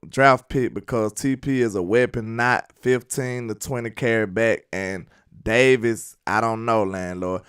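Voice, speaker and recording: A young man hosting a casual sports livestream, answering chat in a relaxed way. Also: medium pitch. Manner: chatty, reads and answers chat comments. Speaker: sports live-stream host. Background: hip hop beat playing.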